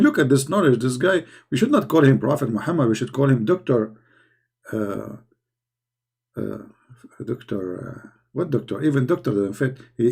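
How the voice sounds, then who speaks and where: His medium-pitched voice is darkish and slightly rough, with vocal fry. Hosting a live chat, he delivers a casual monologue in a sarcastic, mocking tone and broken grammar.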